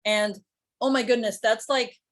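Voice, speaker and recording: Upbeat woman doctor, fairly high voice. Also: fairly even intonation, unhurried. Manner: upbeat, persuasive. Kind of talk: casual chat.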